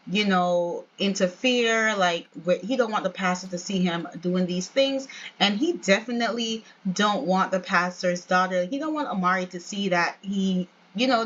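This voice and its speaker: Chatty woman hosting a let's play, mid-pitched voice, slightly muffled home recording. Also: moderate pace, fairly bright tone. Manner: chatty, keeps addressing viewers as "y'all". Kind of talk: casual gameplay narration.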